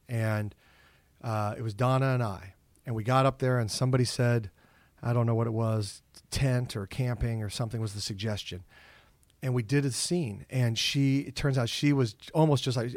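A middle-aged man tells stories from his career in a relaxed interview, with a lively delivery that jumps around in pitch. He plays out his own inner voice as he goes. The sound is dry and close, recorded in an office. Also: no echo. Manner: animated storyteller, acts out his own inner voice. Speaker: comedian and actor guest. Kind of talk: casual interview storytelling.

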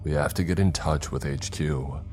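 A man voicing a brisk, deep-voiced ship commander. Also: darkish tone, soft background music. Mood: commanding. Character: commanding male spaceship crew leader.

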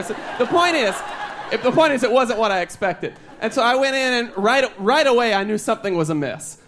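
High-voiced man doing rambling stand-up. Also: a bit bright, slight background noise. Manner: chatty, rambling storytelling with asides. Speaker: stand-up comedian. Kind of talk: stand-up comedy set. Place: comedy stage before a live audience.

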